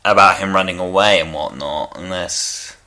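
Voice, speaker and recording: Guy cohosting a fan review podcast, low voice but bright and punchy, musing and going along with stuff. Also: moderate pace. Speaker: podcast co-host. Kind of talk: casual fan review chat.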